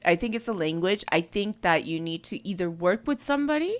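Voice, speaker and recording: A woman's voice: on the low side, expressive, brisk. A woman hosting a music review livestream, chatting loosely with frequent fillers. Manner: chatty, many fillers and restarts. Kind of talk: casual livestream chat.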